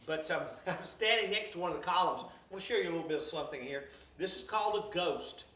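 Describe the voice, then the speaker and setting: Southern man, loudmouth folksy guide, slightly high voice, roomy echo. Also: fast talker. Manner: loud, folksy, explaining while pointing things out. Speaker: restoration guide. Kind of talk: casual guided walkthrough. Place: among old wooden building pieces.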